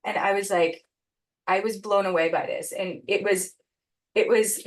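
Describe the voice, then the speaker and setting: A woman guest on an interview podcast, telling a personal story in an earnest, reflective way with pauses and restarts. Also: mid-range voice, fairly even intonation.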